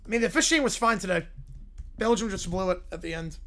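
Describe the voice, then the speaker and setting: A man casually hosting a livestream, relaxed and reacting as he reads viewer messages aloud. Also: high voice, fast. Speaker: livestream host.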